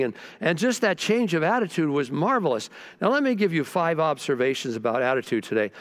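A male pastor preaches with lively, animated delivery. His voice sits a little high for a man, and he stumbles over restarts before breaking into fervent, rising declarations. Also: brisk, hardly any pauses. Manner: animated storytelling with repeated restarts, bursts of fervor. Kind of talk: sermon.

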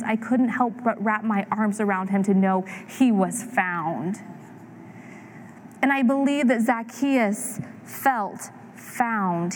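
A woman in her thirties preaching a sermon, telling a story with lively acted-out voices. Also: a little high. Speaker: pastor.

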